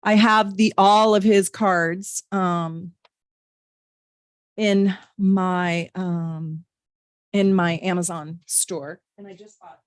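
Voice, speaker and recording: A woman's voice: on the low side, fairly even intonation, extremely slow, no room sound, clean studio sound. Bubbly woman hosting a live tarot reading. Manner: bubbly and chatty, reads viewer comments aloud, laughs often. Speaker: astrologer and tarot reader hosting a live stream. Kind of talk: live-stream tarot reading, chatting with viewers.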